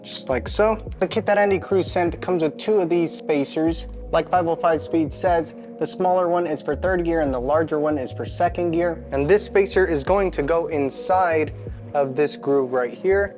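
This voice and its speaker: A man's voice: a little high, moderate pace, a little mellow, faint music behind. Chatty man narrating a hands-on repair. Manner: chatty, self-deprecating, talks to himself mid-task. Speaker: home mechanic channel host. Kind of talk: casual how-to narration while working.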